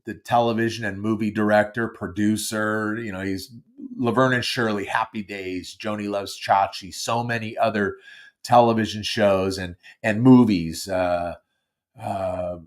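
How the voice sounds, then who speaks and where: A middle-aged man hosting a live call-in podcast, chatting casually in a rambling, self-deprecating way with lots of fillers and restarts. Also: on the low side. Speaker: podcast host taking call-ins. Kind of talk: casual live-stream chat.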